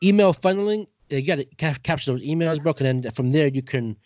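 A man's voice: medium pitch, quick pace, a little mellow, dry recording. A man hosting a casual podcast chat, laid-back and profane, checking in with his listener constantly. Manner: laid-back, profane, keeps saying "you know what I'm saying". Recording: dull, dry lo-fi recording.

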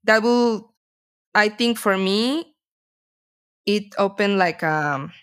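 Slow-speaking gentle woman co-host. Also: medium pitch. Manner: gentle, reflective, laughs often. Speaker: podcast co-host. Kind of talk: casual chat.

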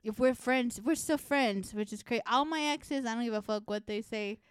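A young woman co-hosting a podcast, telling stories in a profane, animated, casual way. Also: a little high, moderate pace, clean tone, no echo, studio quality. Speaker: podcast co-host. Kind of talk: casual chat.

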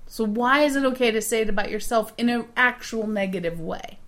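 A woman co-hosting a podcast, chatting casually and giving advice, animated and quick to laugh. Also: a little high. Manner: chatty, laughs often, animated when making a point. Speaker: podcast co-host.

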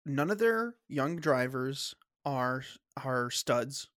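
A man hosts a casual sports podcast and argues his picks firmly, stumbling and restarting as he goes. He has a slight cough. His voice is mid-pitched and sits close and dry on the mic. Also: animated, fairly bright tone, dry recording. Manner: opinionated, halting with restarts. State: coughing, clearing throat. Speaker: podcast host.

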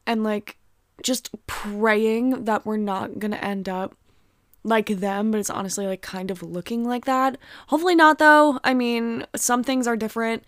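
A woman's voice: medium pitch, steady tone, a little slow, no echo, clean studio sound. A young American woman hosting a casual solo podcast from home, ranting heatedly with heavy swearing and lots of fillers. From United States. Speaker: podcast host.

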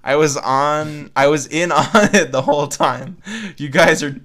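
A man's voice: on the high side, measured pace, a bit bright. A man reading as a treacherous mother. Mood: scheming. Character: treacherous middle-aged mother.

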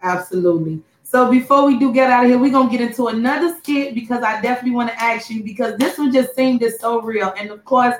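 Lady host asking fast questions, kinda high voice, roomy echo. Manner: animated, fast questions, quick reactions. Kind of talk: casual interview.

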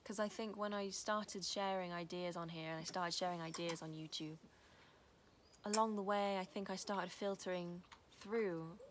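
A woman's voice: fairly low pitch, steady tone, normal speed. A young woman talks into her camera in a loose, earnest, rambling way. She drifts between reflective thoughts and sweet baby talk to a little dog. A faint hiss sits under the recording. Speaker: vlogger. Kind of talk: casual spiritual vlog. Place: house, indoors and outdoors with dogs.

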